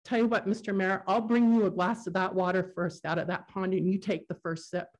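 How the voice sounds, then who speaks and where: A woman's voice: mid-range voice, fairly even intonation, fairly quick, a little mellow. Earnest woman speaking at a hearing. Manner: emotional, earnest, a bit unrehearsed. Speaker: resident testifying at a public hearing. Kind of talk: public comment at a council meeting.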